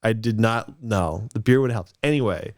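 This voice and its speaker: A man's voice: lowish voice, moderate pace, dry recording, clean studio sound. Young American man, rambling and self-mocking. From United States. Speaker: podcast co-host. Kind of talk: casual chat.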